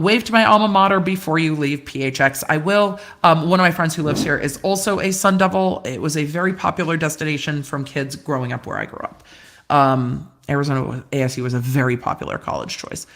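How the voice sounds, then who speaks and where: A middle-aged woman lawyer hosting a casual live Q&A, reading viewer comments aloud in a chatty way with quick asides and easy laughs, speaking from a rented room. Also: lowish voice, fairly bright tone. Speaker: lawyer and livestream host. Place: rented room indoors, glass cabinets behind her.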